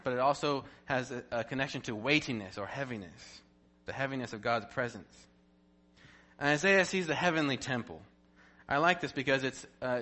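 A man giving a devotional Bible teaching, animated and playful, full of rhetorical questions and jokes. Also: mid-range voice.

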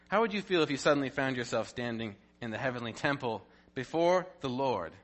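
Guy doing a bible devotional, bright clear voice, playful asides, lots of questions to the listener. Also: mid-range voice, expressive, brisk. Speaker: Bible teacher.

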